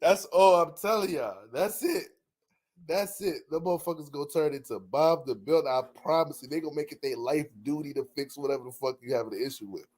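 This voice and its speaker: A man giving casual astrology commentary in an animated way, joking, swearing freely and laughing often. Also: fairly high pitch, a little fast, husky.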